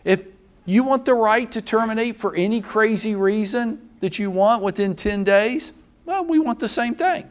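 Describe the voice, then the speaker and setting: Blunt, animated Southern man. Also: sits high, normal speed. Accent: Southern American. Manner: blunt, sarcastic, mock-scolding. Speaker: real estate broker presenting to agents. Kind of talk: animated training talk.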